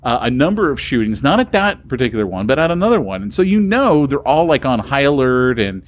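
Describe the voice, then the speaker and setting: A man's voice: mid-range voice, big pitch swings, fairly quick, a little hiss or hum. A man co-hosting a podcast, telling a story in casual chat and acting out both sides of the conversation. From California. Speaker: podcast co-host.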